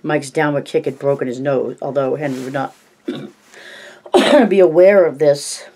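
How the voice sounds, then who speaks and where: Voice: mid-range voice, measured pace, darkish tone. An amateur audiobook reader narrating plainly, with coughs, stumbles and self-corrections.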